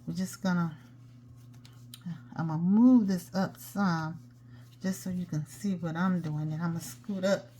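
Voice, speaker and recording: A woman's voice: fairly low pitch, fairly even intonation, measured pace, pauses often, dark tone. A woman hosting a hands-on craft tutorial, chatting casually and talking to herself as she works. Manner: chatty, talks to herself while working. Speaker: jewelry-making tutorial host.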